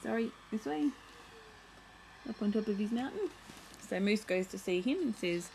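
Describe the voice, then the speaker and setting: A woman's voice: mid-range voice, lively intonation, moderate pace, gravelly, long pauses, dark tone, a little hiss or hum, rough recording. A young woman vlogging at home, chatting casually as she shows and reads from a children's picture book, full of playful asides.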